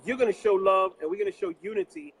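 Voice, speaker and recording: A man from New York hosts a live interview show. His voice sits high for a man. He speaks earnestly, with a preacher's conviction, from a location away from his office. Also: expressive, fast, slight background noise, rough recording. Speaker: host.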